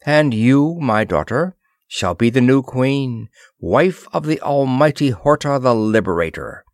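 A man's voice: medium pitch, animated, a little slow, no room sound, studio quality. A man voicing a proud, stern older queen in an audiobook, speaking harshly and solemnly. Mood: soft proud. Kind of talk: audiobook character voice.

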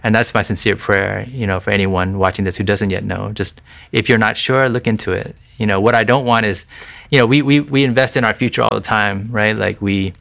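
A man with Thai family roots gives an earnest faith testimony in an interview, talking briskly and hardly pausing. His voice is on the low side, fairly bright, with vocal fry and fairly even intonation, and he restarts often and says "you know" a lot.

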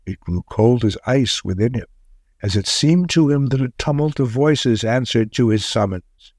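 A man narrating a wartime tale in a measured, grave storytelling manner. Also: medium pitch, lively intonation, a little mellow, dry recording, clean studio sound.

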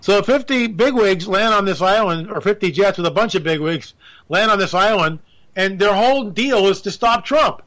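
A man giving a casual political monologue, animated and sarcastic, with joking asides. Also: sits high, moderate pace. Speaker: political commentator.

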